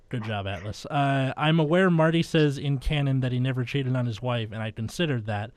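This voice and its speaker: A young man hosting a comedy podcast, reading fan fiction aloud in a deadpan voice, with flustered asides and laughter. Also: mid-range voice, moderate pace, no room sound. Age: young adult.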